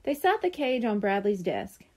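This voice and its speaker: A woman from a library reading a children's chapter book aloud with expressive, clear storytelling. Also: medium pitch, moderate pace.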